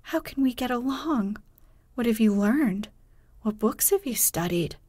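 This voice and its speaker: A woman reading the part of a stern, indignant housekeeper in a slow, soft bedtime storybook voice. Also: fairly high pitch, lively intonation, dry recording. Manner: severe, questioning.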